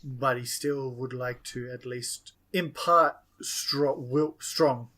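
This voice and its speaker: A man's voice: mid-range voice, fairly even intonation, slow pace, pushed and bright. A man playing a tabletop role-playing game, describing his character's actions and chatting with laughter. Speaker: player.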